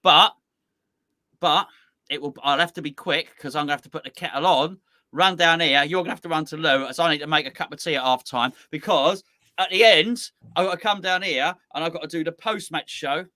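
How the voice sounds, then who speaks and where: A man's voice: fairly high pitch, brisk, pushed and bright, no room sound, studio quality. A man co-hosting a football fan show from home over a video call, chatty, often stammering and restarting. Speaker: co-host of a football fan channel. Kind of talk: casual chat.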